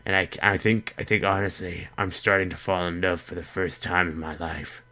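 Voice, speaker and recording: Male comic vlogger, deep, deadpan and rambling, with a crisp forceful edge. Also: moderate pace. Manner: rambling, deadpan, stammering restarts. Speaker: comedy vlogger in character.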